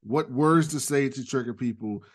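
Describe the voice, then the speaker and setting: A man co-hosting a podcast in casual chat, relaxed and hedging his points with frequent fillers. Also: mid-range voice, normal speed. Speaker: podcast co-host.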